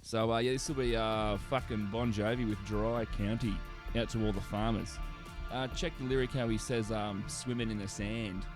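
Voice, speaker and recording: A lowish-voiced Australian man hosts a casual radio show, rambling through crude, sarcastic banter. He swears constantly and stalls on fillers as he goes. Faint music sits in the background. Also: steady tone, normal speed.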